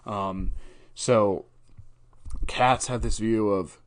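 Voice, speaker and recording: A man's voice: lowish voice, measured pace. A man hosting a podcast, talking through a Bible verse in a casual, thoughtful way, with frequent fillers and restarts. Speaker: podcast host.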